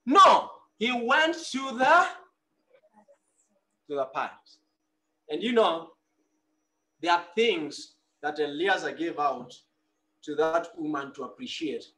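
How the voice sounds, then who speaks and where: A man's voice: on the high side, lively intonation, slow pace, long pauses, sharp tone. A man preaching a sermon, prompting his listeners with call-and-response questions.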